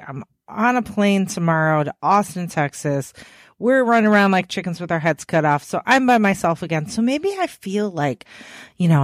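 A woman's voice: lowish voice, no echo, clean studio sound. A woman hosting a podcast alone, playful and cheeky, swearing freely, a bit tired. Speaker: podcast host. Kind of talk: casual solo podcast chat.

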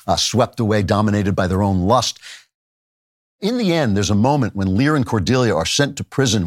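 Male podcast host, low voice, earnest lecturing delivery that slows for recited lines; dry, close-miked sound. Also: no echo. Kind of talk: lecturing commentary.

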